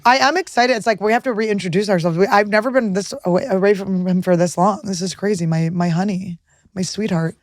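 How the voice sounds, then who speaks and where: A woman hosting a podcast, telling stories in crude, excitable casual chat on a close studio mic. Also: medium pitch, brisk, no room sound. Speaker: podcast host.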